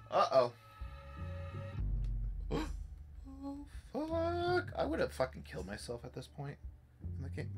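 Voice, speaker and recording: Jumpy, foul-mouthed young man gaming. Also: mid-range voice. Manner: swears often, jumps between hushed muttering and panicked yelps. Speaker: gaming YouTuber. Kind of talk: horror game playthrough commentary.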